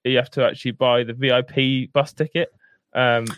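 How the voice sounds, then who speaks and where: A man in his thirties hosting a podcast, playing along in an improvised sketch with a deadpan, hesitant delivery full of ums. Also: mid-range voice, normal speed, dull audio, slight background noise. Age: 30s. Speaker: podcast host and editor. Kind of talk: improvised comedy sketch and casual chat.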